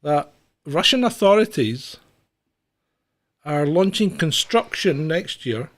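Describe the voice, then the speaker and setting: A man co-hosting a comedy news podcast, often laughing and rambling through asides. His voice sits high and swings widely in pitch. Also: big pitch swings, slow pace, fairly bright tone. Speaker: podcast co-host. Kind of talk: casual banter.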